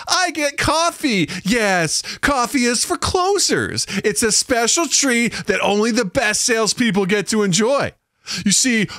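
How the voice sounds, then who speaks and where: A man's voice: high voice, a bit bright, no echo, studio quality, pitched above the performer's own voice, full character voice. A man voicing a condescending big-shot salesman who talks baby talk in a sing-song, patronizing way, as a comedic reading of chatbot text.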